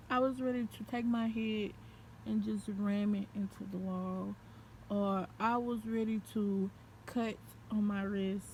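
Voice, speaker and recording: A woman's voice: medium pitch, a little hiss or hum. A young woman telling a story in a casual, profane way, laughing as she goes.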